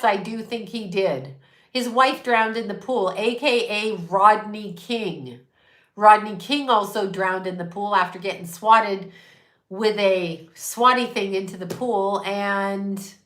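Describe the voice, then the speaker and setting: A woman in her fifties talks at an unhurried, drawn-out pace in a bright, forward voice. She rambles irreverently, swearing freely and laughing at her own asides. The sound bounces around an echoey room. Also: mid-range voice. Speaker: host. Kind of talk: casual rambling monologue.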